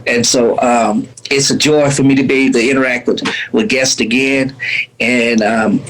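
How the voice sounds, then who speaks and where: A man's voice: mid-range voice, steady tone, moderate pace, a bit bright, poor audio. A man hosting a podcast, effusive and laughing easily as he thanks his guest and signs off. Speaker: podcast host. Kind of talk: casual interview sign-off.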